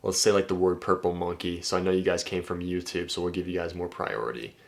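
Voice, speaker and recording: A man's voice: low-pitched, steady tone, fast talker, vocal fry. A man working as a dating coach, reading out text messages and commenting on them in a loose, chatty way, with some swearing and a frequent "right?". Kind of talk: casual commentary reading out texts.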